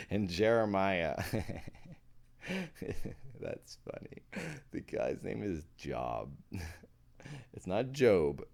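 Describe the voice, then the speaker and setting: A man's voice: lowish voice, darkish tone. A man reading ghost stories aloud on a live stream and chatting with his viewers, playful, easily amused and poking fun at himself.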